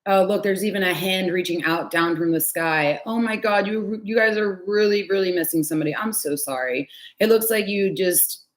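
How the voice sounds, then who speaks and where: A woman's voice: medium pitch, normal speed. A woman giving a casual tarot reading from home, chatty and candid, with frequent sighs and the odd swear word. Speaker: tarot reader.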